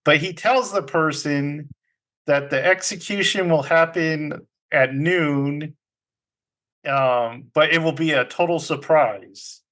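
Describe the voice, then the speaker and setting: A man hosting a casual group podcast, telling puzzles to his friends in an unhurried way and laughing often. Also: a little high, fairly bright tone. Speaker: podcast host.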